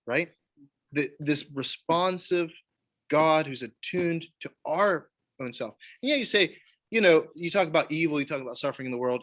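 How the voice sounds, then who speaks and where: A man, leading a church Bible study, animated and acting out quoted voices. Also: fairly high pitch. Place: church meeting room.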